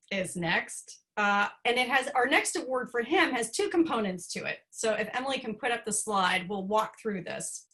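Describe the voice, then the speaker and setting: A woman's voice: on the high side, a bit bright. A woman presenting humorous student awards at an online graduation ceremony, with a dry, playful delivery.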